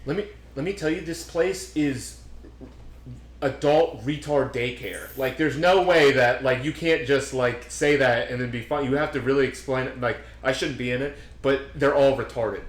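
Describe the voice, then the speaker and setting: Young dude rambling through a story on a podcast, cussing a lot, echoey room. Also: male voice, medium pitch, normal speed. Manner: rambling storyteller, swears a lot, acts out quotes. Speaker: podcast host. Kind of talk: casual chat. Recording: roomy echo.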